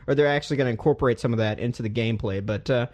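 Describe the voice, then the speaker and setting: A young man hosting a casual gaming chat, animated and profane, laughing often. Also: medium pitch, very fast, muffled recording. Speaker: podcast host.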